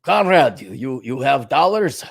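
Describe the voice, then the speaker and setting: A man voicing a gruff, money-hungry Russian businessman with a low, grunting mock Russian accent. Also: sing-song, a little slow, exaggerated voice.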